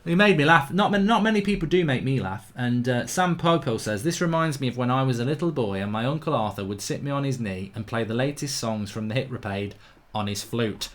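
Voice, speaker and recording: A man's voice: mid-range voice, lively intonation, fairly quick, hardly any pauses. Chatty man hosting a live football stream. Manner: chatty, jokey, rambling with fillers. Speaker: football channel host. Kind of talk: live match watchalong chat. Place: home studio, with a guitar.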